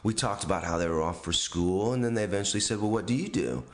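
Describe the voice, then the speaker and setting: A man telling a funny personal anecdote in a casual podcast chat, acting out the voices of the people in it. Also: quick pace. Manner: animated storytelling, acts out quotes with pitch jumps. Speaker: storyteller on a podcast.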